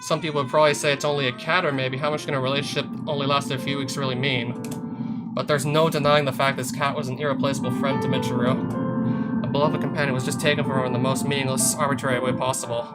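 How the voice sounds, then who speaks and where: A man's voice: mid-range voice, level tone, fast talker. Man reading a visual novel aloud. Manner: sardonic asides with swearing. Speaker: let's play host. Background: soft guitar music.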